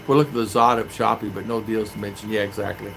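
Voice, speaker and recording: A man's voice: fairly low pitch, fairly even intonation, quick pace. A man in a casual live-stream chat, rambling as he reads out viewer comments and answers them. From United States. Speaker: vlogger. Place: home in the Philippines. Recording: clear clicking noise behind voice.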